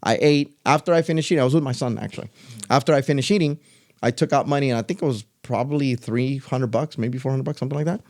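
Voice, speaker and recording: A man's voice: mid-range voice, fast. A middle-aged man and podcast co-host telling a story in casual chat, acting out other people's lines as he goes. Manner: animated, loose storyteller who acts out other people's lines.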